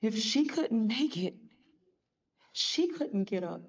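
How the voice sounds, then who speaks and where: A woman's voice: fairly high pitch, lively intonation, takes it slowly, muffled recording. A woman speaker acting out a discouraged, self-doubting woman giving up on her dream, in a defeated voice. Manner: defeated, trailing off into a whisper.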